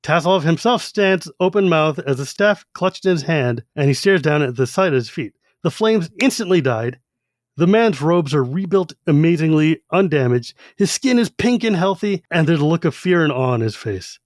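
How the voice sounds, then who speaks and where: A man co-hosts a podcast, retelling a novel's chapters with animation and jumping into the characters' voices. His voice sits slightly high and is recorded close and dry, with no room sound. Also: expressive, moderate pace, no echo. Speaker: podcast co-host. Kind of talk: casual chat.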